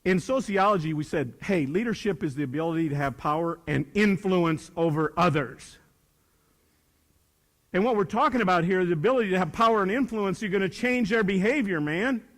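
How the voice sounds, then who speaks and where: A man's voice: sits high, a little fast, fairly bright tone, in a large hall. An older man giving a speech to a young audience about leadership. He talks in an emphatic, joking manner and keeps repeating his key phrases like a preacher. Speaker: motivational speaker.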